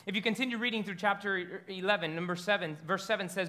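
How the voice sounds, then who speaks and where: High bright-voiced preaching man. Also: fast, few pauses. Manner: animated storytelling preacher, stumbles and repeats words. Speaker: pastor. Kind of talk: sermon.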